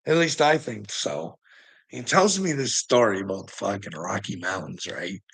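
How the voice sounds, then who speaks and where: A man talks to his livestream viewers in a profane, rambling rant, often breaking off to laugh. His voice is gravelly and husky, with a forceful, tense edge. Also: on the low side, normal speed.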